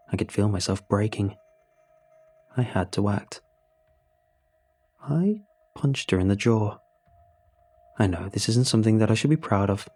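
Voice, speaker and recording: A man reading a horror story aloud in a measured, grim scripted narration. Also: fairly low pitch, mellow, breathy edge.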